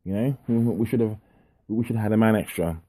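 Frustrated male pundit, mellow low voice, dry sound. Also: brisk, no room sound. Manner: frustrated, repetitive. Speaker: podcast pundit. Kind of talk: ranting monologue.

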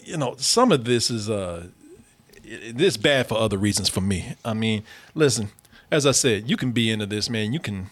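A man's voice: fairly low pitch, lively intonation, moderate pace. An American man hosting a casual, profane comedy podcast, laughing often. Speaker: podcast host reviewing a series.

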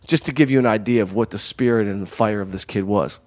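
A man's voice: on the low side, quick pace. A man from Michigan telling a long story in a casual, rambling way, full of "you know" and "like.". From Southfield, Michigan, USA.

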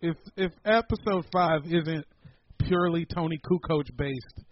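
A man's voice: fairly high pitch, a little slow. A man hosting a podcast in casual chat, joking and swearing a lot. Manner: joking, profane, excitable. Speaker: podcast host. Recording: dull lo-fi sound with faint noise.

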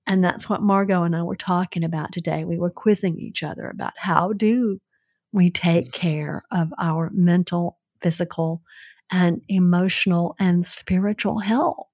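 A woman's voice: fairly low pitch, fairly even intonation, a little slow, a little mellow. A middle-aged woman with a Southern US accent, co-hosting a podcast in an earnest, heartfelt way. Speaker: podcast co-host. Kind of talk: casual podcast chat.

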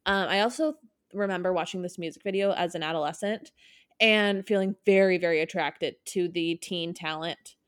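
A woman's voice: fairly low pitch, moderate pace. A young woman hosting a podcast, chatting casually and enthusiastically, often correcting herself mid-sentence. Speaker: podcast host. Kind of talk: casual chat.

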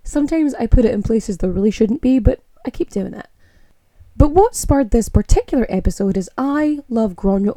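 Animated Scottish woman, mellow tone. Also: mid-range voice, dry recording. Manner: animated, opinionated, rolls her R's. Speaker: podcast host. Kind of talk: casual monologue.

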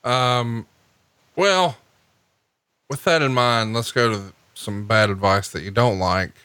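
Man, podcast host, teasing, deadpan, bright tense voice, dry close sound. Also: mid-range voice, slow pace, clear, resonant tone, no echo. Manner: teasing, needling, deadpan ribbing of his co-host. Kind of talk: casual podcast banter.

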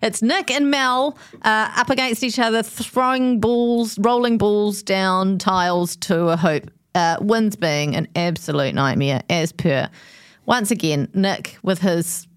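A woman hosting a podcast, recapping the episode in a chatty, quick way. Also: medium pitch, smooth, no room sound, studio quality. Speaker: podcast host. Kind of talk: casual chat.

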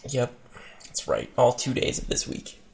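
A man with a lively, swooping delivery and a gravelly edge to his voice. He co-hosts a laid-back podcast, chatting and reading a story aloud with plenty of laughter. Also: mid-range voice, unhurried, slight background noise. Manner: laughing, animated reader. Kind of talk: casual chat and story reading.

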